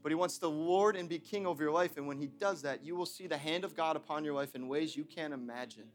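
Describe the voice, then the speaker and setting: A young adult man preaching a sermon as pastor, swinging between shouted emphasis and joking asides. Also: a little high, quick pace, soft background music.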